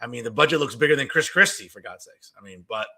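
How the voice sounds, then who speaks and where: A male host who rattles off questions at a fast clip. His voice is gravelly and bright, a little higher than most men's. He keeps things animated and chimes in with quick agreement. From New Jersey. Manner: quick, animated, affirming with frequent yeahs. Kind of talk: political interview talk.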